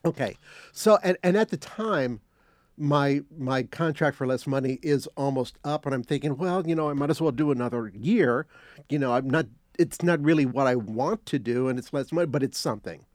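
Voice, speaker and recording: An older man telling a casual anecdote as a guest, animated, acting out quotes and restarting phrases. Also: medium pitch, normal speed, no room sound, studio quality. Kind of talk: casual storytelling.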